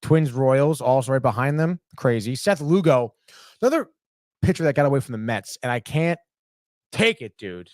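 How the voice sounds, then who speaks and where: A man's voice: mid-range voice, lively intonation, moderate pace, a little mellow, no room sound, studio quality. Profane, rambling young man hosting sports. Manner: profane, rambling, heated, says "dude" often. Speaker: sports podcast host. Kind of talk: casual live sports chat.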